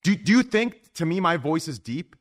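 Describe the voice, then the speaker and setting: A young man with a deep voice hosting a podcast, loud and excitable, swearing freely in casual chat. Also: normal speed. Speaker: podcast host.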